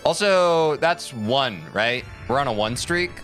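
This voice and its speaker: A man's voice: mid-range voice, animated, takes it slowly, a bit bright, soft background music. A young man streaming a speedrun, chatting casually with his viewers, answering their messages and swearing freely. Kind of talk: casual live-stream chat while playing.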